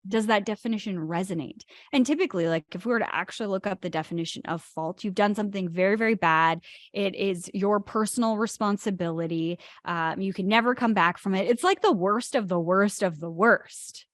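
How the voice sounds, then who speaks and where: A woman's voice: mid-range voice, a little fast, no room sound, studio quality. A woman co-hosting a spiritual talk show, stressing key words as she explains ideas. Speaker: podcast co-host.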